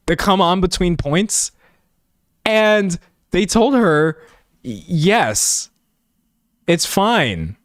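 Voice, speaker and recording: A young man in casual reaction commentary, talking in quick emphatic bursts as he reacts to clips. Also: on the high side, no room sound, studio quality. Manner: animated, talks fast in bursts, emphatic.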